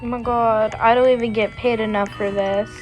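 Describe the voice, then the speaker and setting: A woman's voice: fairly high pitch, flat delivery, normal speed, over music. A young woman chatting casually while playing a game with a friend, sassy and full of slangy roasting. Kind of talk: casual voice-chat gameplay banter.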